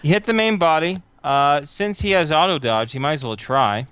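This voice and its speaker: A man narrating a tabletop game as game master, thinking aloud with frequent filler pauses. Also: fairly high pitch, fairly bright tone, smooth, no room sound.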